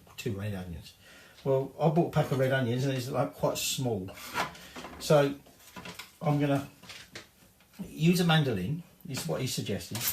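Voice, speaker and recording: A man's voice: mid-range voice, echoey room, background noise. A man giving a casual cooking demonstration in his home kitchen, chatty and rambling, with cheeky swearing. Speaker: home cook.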